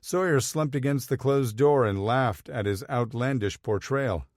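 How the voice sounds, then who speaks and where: Reading aloud from a romance story, a man narrates an audiobook at a steady, measured pace. His pitch is medium, and the studio-quality audio carries no room sound.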